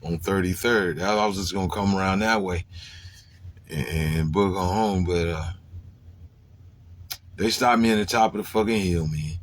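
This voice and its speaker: A man telling a personal story in casual, profane speech. He ends many phrases with "man" and acts out his own past lines in a louder, higher voice. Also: normal speed, pauses often, slight background noise.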